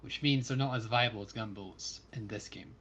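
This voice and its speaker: A man's voice: fairly low pitch, normal speed, a bit bright, muffled recording, slight background noise. A Scottish man chatting casually as a fellow player on a gaming livestream, playfully opinionated. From Scotland.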